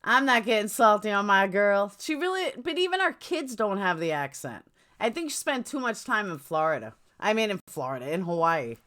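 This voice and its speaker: A woman's voice: mid-range voice, big pitch swings, normal speed, a bit bright. A middle-aged woman with a New York accent hosting a casual livestream chat from home, blunt and chatty, jumping between topics. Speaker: livestream host. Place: home, indoors.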